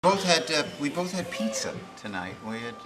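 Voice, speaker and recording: A lighthearted diner with a somewhat high voice that swings widely in pitch. Music plays clearly behind him. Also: male voice, sing-song, normal speed. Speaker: restaurant customer. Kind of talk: casual chat.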